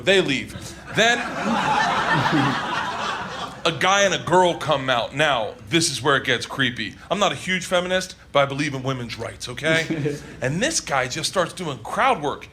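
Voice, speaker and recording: Brief: male stand-up comic, high and animated, shouting punchlines, live recording with roaring audience laughter. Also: moderate pace, background noise. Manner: loud, excitable, laughing through the telling, shouting punchlines. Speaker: stand-up comedian. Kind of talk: stand-up storytelling. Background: loud crowd laughter.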